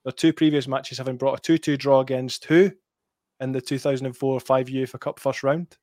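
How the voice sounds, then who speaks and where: A man's voice: mid-range voice, steady tone, brisk, a little mellow, no room sound, studio quality. A Scottish man co-hosting a football podcast, chatting casually and quizzing his friend with stats. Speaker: podcast co-host.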